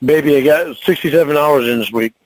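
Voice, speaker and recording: A slightly high male voice comes through brisk against a noisy background. He's a truck driver arguing at home in a heated fight, profane and rambling, tripping over his words and restarting.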